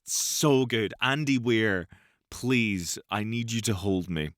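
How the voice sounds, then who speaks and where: A man's voice: fairly low pitch, takes it slowly, a bit bright, no echo, clean studio sound. A man co-hosting a podcast, enthusing about a film and swearing casually. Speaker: podcast co-host. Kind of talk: casual film review chat.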